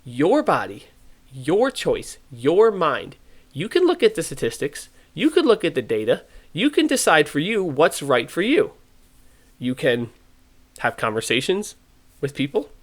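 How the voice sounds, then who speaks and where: A man hosting a podcast, talking in an animated, ranting way and acting out the voices he quotes. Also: a little high, a little slow. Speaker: podcast host. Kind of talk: casual podcast opinion talk.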